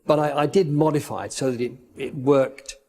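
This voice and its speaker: A man's voice: medium pitch, moderate pace, a little mellow, slight background noise. A man who makes props, talking hesitantly in an interview. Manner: hesitant, lots of uh and um. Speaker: prop maker.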